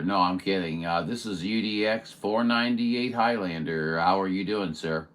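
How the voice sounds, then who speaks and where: A man's voice: sits low, moderate pace, a bit bright. A man hosting a CB radio session, chatting in a rambling, friendly way with lots of fillers and radio jargon. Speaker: CB radio operator and show host. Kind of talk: casual radio chat.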